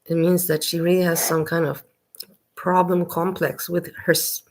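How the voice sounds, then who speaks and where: Gravelly, low-voiced woman musing aloud. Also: level tone, a little hiss or hum. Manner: slow, reflective, repeats herself while searching for words. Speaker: commentator reacting to a video. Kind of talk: casual reaction commentary.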